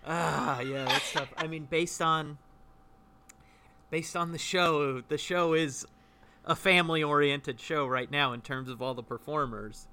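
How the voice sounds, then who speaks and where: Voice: mid-range voice, unhurried, pushed and bright. A performer in an improvised comedy scene, talking in a flustered, backpedaling way and over-explaining everything.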